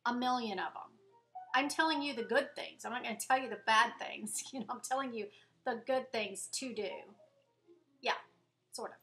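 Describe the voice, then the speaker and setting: A woman's voice: fairly high pitch, normal speed, a bit bright, faint music behind. A woman vlogging at home in a casual, rambling and chatty way, poking fun at herself as she goes. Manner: rambling, chatty, self-deprecating. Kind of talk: casual chat to camera.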